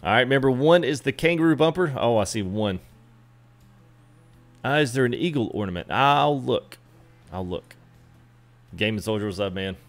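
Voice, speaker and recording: A man's voice: mid-range voice, expressive, fairly quick, soft background music. A man chatting casually with live viewers while customizing a truck in a game, greeting them by name. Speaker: streamer. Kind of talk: live gameplay stream chat.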